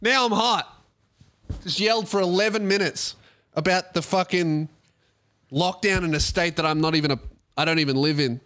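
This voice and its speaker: High-voiced Australian man ranting profanely. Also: a little fast, fairly bright tone. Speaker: podcast host and comedian. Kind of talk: casual podcast rant.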